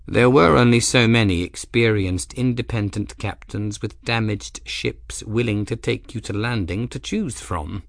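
A man voicing a patient, dignified lord in an audiobook, measured and quiet. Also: fairly low pitch, vocal fry, no echo, clean studio sound. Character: patient, dignified middle-aged male lord. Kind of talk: audiobook character voice.

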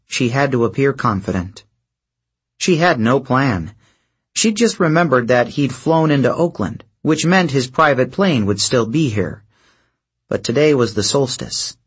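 A man narrates a novel in a steady, measured way. His voice sits at a middle pitch and has a husky grain. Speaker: audiobook narrator. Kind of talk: scripted narration.

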